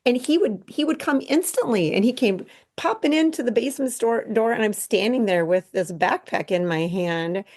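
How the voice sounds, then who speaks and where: A middle-aged woman, a podcast guest, telling a painful personal story in an earnest, halting way, full of restarts. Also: fairly high pitch, expressive, darkish tone.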